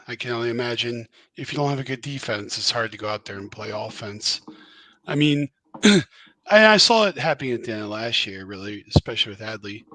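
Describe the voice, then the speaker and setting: Male guest, bright tense tone, measured sympathetic delivery. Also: mid-range voice, dry recording. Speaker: podcast guest. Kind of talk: casual sports chat.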